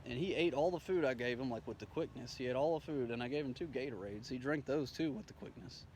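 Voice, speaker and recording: Telling a rambling, swear-laden story of his day, a man voices the dialogue himself in a relaxed way. His medium-pitched voice is quick and darkish, with a faint hiss or hum in the recording.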